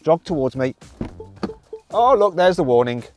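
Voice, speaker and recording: A man's voice: fairly high pitch, animated, normal speed, a little mellow, soft background music. A man from the English Midlands with a British accent, presenting a car review in an upbeat, playful, chatty way. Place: in and around a car.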